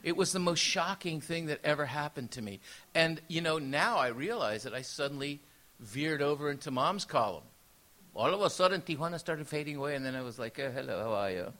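Bright-voiced guy from mexico, spanish first language, cracking jokes on a panel, slightly high voice. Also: fairly quick. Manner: animated, jokey, laughs often. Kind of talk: comic storytelling to an audience.

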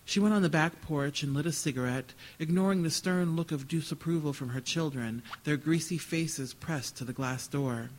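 A man reading literary fiction aloud at a live event. His voice sits somewhat high for a man. He tells the story in a dry, wry way. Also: moderate pace, few pauses, rough recording. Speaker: author reading.

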